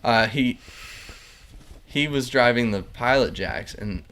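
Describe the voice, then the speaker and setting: A man's voice: medium pitch, slow pace, a bit bright. A young man hosting a casual podcast chat, telling rambling, profane work stories full of likes. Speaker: podcast host.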